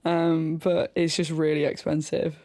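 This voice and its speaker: A woman's voice: low voice, little pitch movement, unhurried, mellow, dry recording. Chatty Northern English woman, dry sound. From Northern England. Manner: chatty, teasing, laughs a lot. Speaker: podcast co-host. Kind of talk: casual chat.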